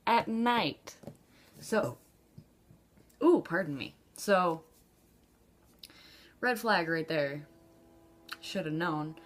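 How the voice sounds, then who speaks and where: A woman vlogger tells a personal story extremely slowly, with long pauses and lively intonation. She's casual and chatty, laughing often and saying um a lot, and her pitch jumps up whenever she acts out quoted lines.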